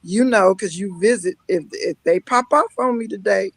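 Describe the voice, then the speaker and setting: A woman guest on a live-streamed talk show, telling lively personal stories with frequent laughter and mock-scolding asides. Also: medium pitch, moderate pace, dry recording, poor audio. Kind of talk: emotional casual talk-show chat.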